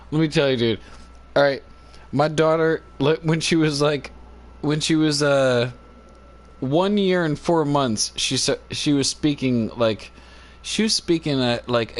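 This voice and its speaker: Rambling man chatting on a livestream. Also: mid-range voice. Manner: laughs often, lots of fillers and restarts. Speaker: live streamer. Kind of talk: rambling casual chat. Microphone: phone on a cord.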